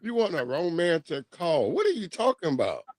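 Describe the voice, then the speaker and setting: Animated high-voiced man telling stories. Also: moderate pace, dry recording. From New York. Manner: animated storyteller who mimics people in loud bursts. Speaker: podcast co-host. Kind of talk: loose comedic banter.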